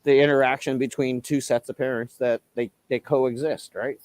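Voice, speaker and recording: A man's voice: medium pitch, fairly even intonation, moderate pace, a little mellow, no echo. A man from Canada chatting casually on a live stream, easygoing and rambling. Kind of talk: casual chat.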